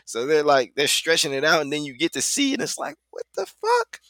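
Animated, bright-voiced man telling stories. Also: on the high side, fast, no room sound, clean studio sound. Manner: laughing, profane storytelling. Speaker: podcast co-host. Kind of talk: casual chat.

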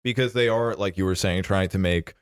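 A man's voice: low voice, fairly quick, clear, resonant tone, no room sound. A young man co-hosting a casual movie news podcast, laughing often and making dry jokey asides. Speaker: podcast co-host.

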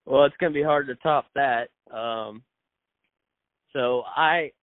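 A man, a fishing charter captain, telling a story on a podcast in a calm, halting, easygoing way, heard over tinny phone-like audio. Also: mid-range voice, no echo.

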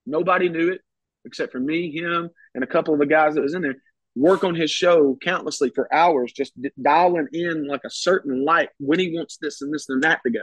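A man's voice: on the high side, a little fast, dry recording. A man talking as a podcast guest, telling stories in a rambling, casual way and restarting his phrases often. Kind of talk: casual storytelling chat. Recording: dull, slightly muffled sound.

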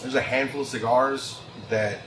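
A man's voice: medium pitch, normal speed. Texan man talking cigars in an echoey room. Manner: relaxed, rambling, repeats words. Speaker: tobacconist guest. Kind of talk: casual chat. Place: inside a train car lounge. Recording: roomy echo, clear background noise.

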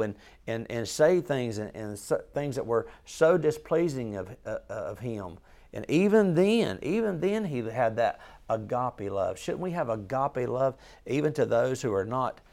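Male Bible study leader, mid-pitched with a gravelly edge, informal, earnest and emphatic, often questions the group. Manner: conversational, asks the group questions, frequent restarts.

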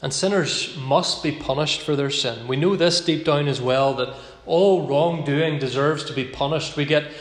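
Male pastor, sermon delivery, earnest with slow emphatic phrases; fairly high voice, roomy reverb. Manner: earnest, slows down to stress key phrases. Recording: echoey hall with long reverb.

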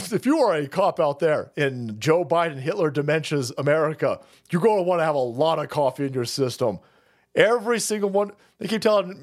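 A male streamer giving crude, mocking, profane ranting commentary, laughing often. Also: a little high.

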